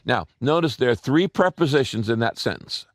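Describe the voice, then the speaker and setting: A man preaching a sermon as a pastor, telling stories, speaking straight to his listeners, repeating key lines and dropping his voice low to press a point home. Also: expressive, a little fast, dry recording, clean studio sound. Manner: earnest, direct address to listeners.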